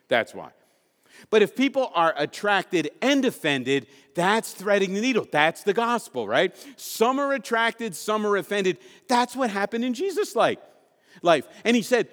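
A man's voice: sits high, very animated, moderate pace, fairly bright tone, long reverb tail. A man preaching a sermon to his congregation, asking rhetorical questions and repeating key lines for emphasis. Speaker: pastor.

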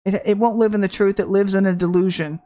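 A woman delivering a fervent prophetic sermon, emphatic and shifting between drawn-out and rushed phrases. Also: mid-range voice, steady tone, warm tone. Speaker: prophetic preacher.

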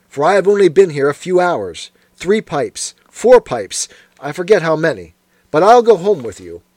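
A man's voice: fairly high pitch, a little mellow, no room sound. A man doing a dazed, fretful opium addict. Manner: rambling, fretful, plaintive. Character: dazed opium-addled young gentleman. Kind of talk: audiobook character voice.

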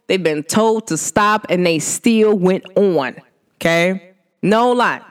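A spiritual energy reader who talks casually and directly to listeners, humming "mm" between thoughts and swooping up high when laughing. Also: clear, resonant tone. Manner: chatty and animated, addresses listeners directly; hums and drawn-out "mm" sounds between thoughts. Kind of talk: casual spoken energy reading to viewers.

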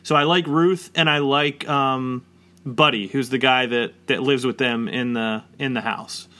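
A man's voice: medium pitch, fairly even intonation, measured pace, bright, forceful tone. A man around forty chatting casually and rambling, with lots of "like" fillers. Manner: rambling, heavy use of "like" fillers. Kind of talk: casual chat.

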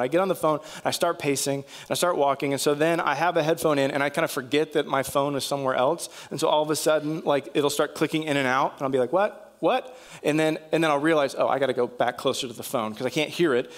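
Casting: male pastor, fairly high voice, chatty storyteller in the pulpit. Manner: conversational storytelling preacher, acts out dialogue. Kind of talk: sermon.

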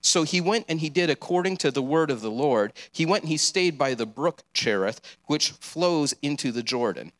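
A man's voice: a little high, animated, moderate pace, hardly any pauses, a bit bright. A man preaching a sermon, earnest and encouraging, with casual asides.

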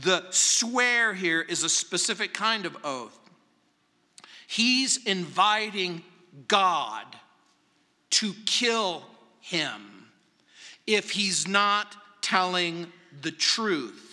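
A male pastor delivers an emphatic sermon, slow and deliberate, in a high, sharp voice. His words ring out with a long reverb, as if filling a church hall. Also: very animated. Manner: emphatic preaching, drops to hushed tones.

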